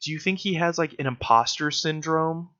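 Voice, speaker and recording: A man's voice: on the high side, moderate pace, pushed and bright. Snarky young guy ranting in a commentary video, lots of uhs and likes, muffled lo-fi sound. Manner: sarcastic, mocking, full of fillers. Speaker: political commentator. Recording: dull lo-fi recording.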